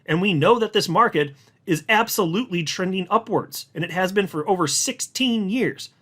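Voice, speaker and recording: A man hosting a casual commentary show, reading out analysts' posts and reacting to them in an animated way as he talks straight to viewers. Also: high-pitched, normal speed. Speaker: crypto market commentator, channel host. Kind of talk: casual market commentary to camera.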